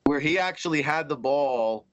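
A man's voice: on the high side, animated, normal speed, fairly bright tone, highs cut off. A man co-hosting a casual sports talk show, giving punchy, opinionated banter.

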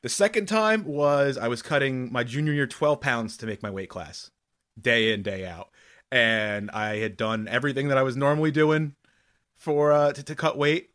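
Measured man co-hosting sports talk. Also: medium pitch, fairly bright tone. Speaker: sports talk radio co-host.

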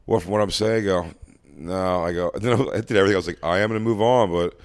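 A man's voice: low voice, quick pace. A man in his thirties co-hosting a chat show, telling stories and acting out the other voices. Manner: animated, acts out quoted exchanges, laughs often. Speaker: podcast co-host, comedian. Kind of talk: casual chat, storytelling.

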